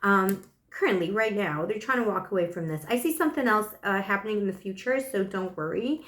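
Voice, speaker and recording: Hoarse, chatty woman reading tarot. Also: medium pitch, animated, a little fast, a bit bright, reverberant. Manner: affectionate, chatty, full of pet names. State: hoarse with a dry cough after flu. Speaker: tarot reader. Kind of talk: casual tarot reading monologue.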